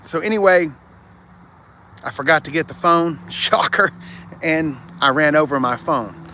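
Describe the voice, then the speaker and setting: A man's voice: a little high, unhurried, pushed and bright, a little hiss or hum. A man, hosting a rambling live-streamed car walkaround, chatting with viewers as he goes. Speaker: car show host. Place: outdoors on a car lot. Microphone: phone front camera.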